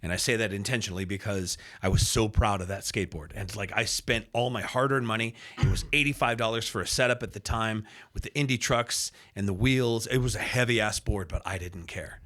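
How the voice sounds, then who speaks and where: 50-something radio guy telling stories on a podcast, lowish voice, acts out everybody, lots of ums. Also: brisk, hardly any pauses. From Reno, Nevada, US. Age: 50s. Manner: animated storyteller, acts out the people in his stories, many fillers. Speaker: radio host and sports announcer, podcast guest. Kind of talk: casual storytelling interview.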